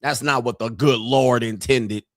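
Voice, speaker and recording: In a casual livestream, a host in his fifties delivers crude, joking, brash commentary. His pitch is medium and his intonation fairly even, with a slightly slow pace. The recording is dry, with clean studio sound.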